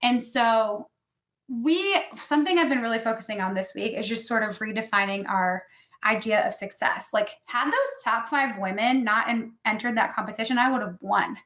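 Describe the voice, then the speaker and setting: A woman in her thirties talks as a guest on a casual podcast, candid and chatty, her voice a little higher than most. The room around her is echoey. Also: moderate pace, fairly bright tone. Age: 30s. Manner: candid storytelling, heavy use of "like".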